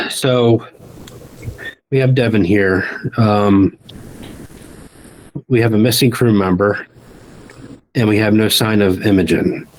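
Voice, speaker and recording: Man, game master, halting, many ums, deep voice, slow pace. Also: rough recording. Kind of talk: narrating a tabletop game.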